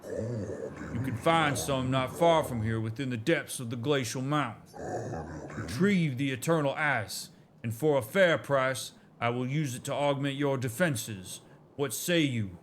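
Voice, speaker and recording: A man's voice: medium pitch, expressive, a little hiss or hum, natural voice. A man doing a drawling creature craftsman. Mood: resolute. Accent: Southern US drawl, put on. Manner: formal, bargaining, measured. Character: shrewd male Grandest craftsman and trader.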